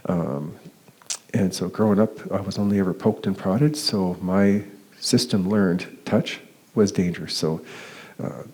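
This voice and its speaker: A man giving a talk. He tells a personal story, often pausing with fillers and restarting his sentences. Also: darkish tone. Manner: hesitant, many fillers and restarts; acts out quoted dialogue with raised pitch. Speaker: conference speaker. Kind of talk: personal story told as a lecture.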